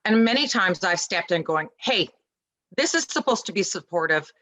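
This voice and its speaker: A woman guest in a casual interview, talking about parenting in an animated, emphatic way and acting out little dialogues. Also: lowish voice, normal speed, a little hiss or hum, poor audio.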